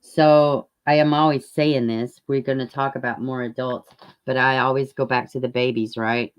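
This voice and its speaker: A woman's voice: a bass voice, fairly even intonation, moderate pace, clean tone. A woman chatting casually on a live stream, rambling and greeting viewers in the chat. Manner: occasional mic dropouts. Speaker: true-crime live streamer.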